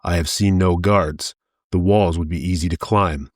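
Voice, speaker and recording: A man's voice: sits low, fairly even intonation, normal speed, no echo, studio quality, lightly acted. Conan, a man doing a terse young barbarian. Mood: questioning. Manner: blunt, terse. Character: young male barbarian, blunt and unfriendly.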